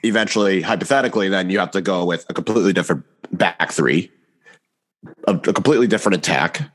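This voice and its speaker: A man's voice: low voice, fast. A man co-hosting a casual sports podcast, cutting in with blunt, dismissive remarks. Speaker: podcast co-host.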